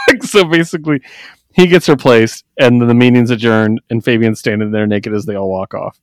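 A man co-hosting a casual podcast, recapping comics in an animated way, jumping into quick character voices and laughing often. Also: medium pitch, no room sound. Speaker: podcast co-host. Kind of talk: casual comic book chat.

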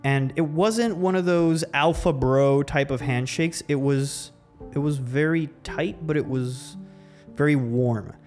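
A man's voice: fairly high pitch, takes it slowly, darkish tone, soft background music. A man hosting a podcast, telling a personal story in a loose, reflective way, full of restarts. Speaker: podcast host. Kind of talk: casual storytelling.

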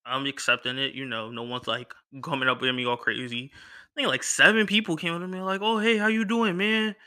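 A young man from Philadelphia telling a personal story in a casual, animated way and acting out the people he quotes. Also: mid-range voice, brisk, clear, resonant tone. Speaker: podcast host.

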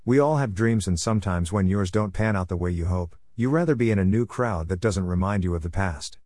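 Male narrator, low voice, reflective and wry, first-person story reading, dry close sound. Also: fairly quick, darkish tone, dry recording.

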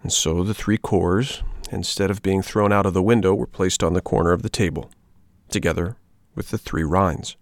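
Low gravelly man reading a storybook. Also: steady tone, normal speed, no echo, clean studio sound. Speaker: audiobook narrator. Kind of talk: storybook narration.

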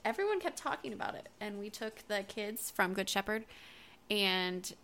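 A woman as giggly podcast co-host, bright tone with vocal fry. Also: medium pitch, big pitch swings, normal speed. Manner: giggly, chatty. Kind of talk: casual chat.

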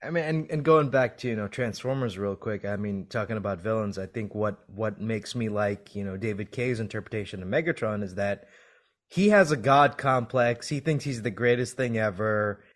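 A man's voice: lowish voice, moderate pace. This is a man hosting a podcast interview. He talks casually with eager enthusiasm and a teasing, joking edge. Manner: jokey, enthusiastic. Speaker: podcast host.

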